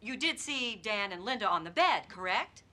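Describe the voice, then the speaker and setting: Relentless, bright-voiced prosecutor. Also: female voice, medium pitch, very animated, normal speed. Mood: probing. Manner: probing, pointed cross-examination. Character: sharp, relentless female prosecutor. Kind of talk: TV movie courtroom drama.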